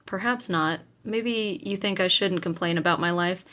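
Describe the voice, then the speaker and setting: A woman's voice: fairly low pitch, normal speed. A woman narrating a first-person novel as an audiobook, telling it expressively. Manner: expressive storytelling with acted quotes.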